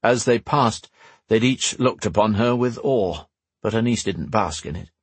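A man narrating a fantasy audiobook in a measured storytelling manner, slowing for dramatic moments. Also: on the low side, breathy edge, no room sound.

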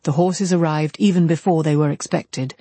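Mellow husky audiobook narrator. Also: mid-range voice, dry recording. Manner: measured, even reading. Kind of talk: classic novel audiobook reading.

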